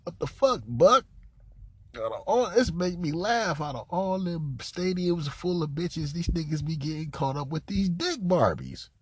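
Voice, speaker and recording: A man giving casual, profane commentary on a recorded phone call, mocking, repetitive and animated, often laughing and coughing. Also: on the high side, a little slow, husky, no room sound. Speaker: commentator reacting to a leaked call.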